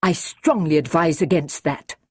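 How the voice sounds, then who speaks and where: A woman reading an audiobook, voicing a calm, earnest male time traveller who speaks courteously. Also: deep voice, a little slow, slightly rough, no echo, clean studio sound.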